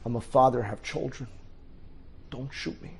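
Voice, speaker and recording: A man's voice: medium pitch, normal speed, creaky, natural voice. A man doing a German soldier, pleading and urgent. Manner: pleading then shouting commands. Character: German soldier begging, later an officer.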